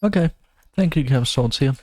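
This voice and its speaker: A man's voice: medium pitch, lively intonation, moderate pace, darkish tone, no echo, soft background music. A young man from Germany, giving wry, self-mocking running commentary while streaming a game. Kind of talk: casual gameplay commentary.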